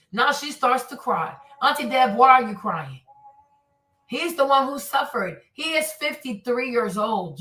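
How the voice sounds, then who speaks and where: A woman's voice: on the high side, sharp tone. A woman hosting casual reaction commentary. She talks straight to her viewers and acts out what the people she discusses say. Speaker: commentary host. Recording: roomy and slightly distant.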